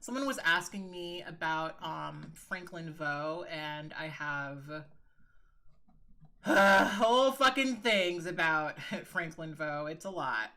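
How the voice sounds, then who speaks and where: Woman livestreamer, lowish bright tone, frank chatty delivery, swears freely, addresses viewers as girl. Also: lively intonation, slow pace. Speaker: livestreaming video creator. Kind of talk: casual livestream chat.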